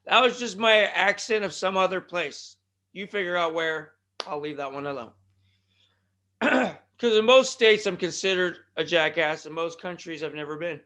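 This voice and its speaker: A man's voice: high-pitched, moderate pace, sharp tone. A man hosting a wrestling podcast alone, rambling and joking at his own expense, often stumbling over his words and restarting. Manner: joking, self-deprecating, rambling with tongue-tied restarts. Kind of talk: rambling solo podcast monologue. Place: California.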